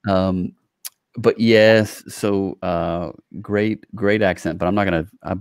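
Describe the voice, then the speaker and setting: Male co-host, very low voice, dry close sound; rambling, hedging talker. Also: slow, clear, resonant tone, no room sound. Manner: relaxed, wordy, hedging with fillers. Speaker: podcast co-host. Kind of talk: casual interview chat.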